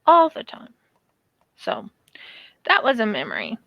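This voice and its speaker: A woman's voice: mid-range voice, measured pace, dry recording. A woman vlogger chatting casually about childhood memories while she crafts, acting out quotes as she goes. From United States. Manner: animated, acts out quotes in her storytelling.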